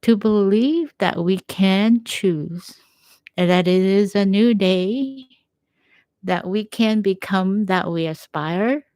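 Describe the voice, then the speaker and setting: A woman giving a gentle, encouraging faith talk at home, quoting scripture as she reflects. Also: mid-range voice, slow pace, dry recording. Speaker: faith speaker.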